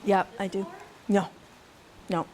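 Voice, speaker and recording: A woman's voice: medium pitch, level tone, slow, mellow, slight background noise. A middle-aged woman who raises goats, speaking casually to a live audience and telling stories with laughs. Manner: chatty, laughing, storytelling with faith asides. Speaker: conference speaker, goat farmer.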